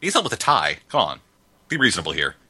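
A man's voice: sits low, wildly swooping pitch, quick pace, bright, forceful tone, husky, dry recording. A man making jokes while watching a film with friends, full of wisecracks and mock-dramatic asides. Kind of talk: joking commentary over a film.

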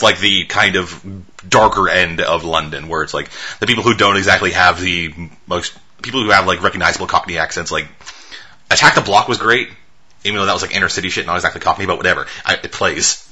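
A man's voice: low-pitched, lively intonation, fairly quick, sharp tone, husky. A man co-hosting a movie podcast in casual chat, talking loosely with lots of swearing and filler words. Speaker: podcast co-host reviewing movies.

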